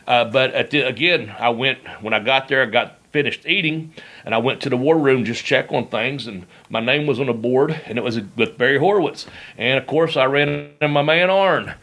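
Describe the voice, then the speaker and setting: A man's voice: mid-range voice, moderate pace, fairly bright tone. A middle-aged man hosting a podcast, telling rambling stories in casual chat and laughing as he goes. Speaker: podcast host. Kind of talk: casual storytelling.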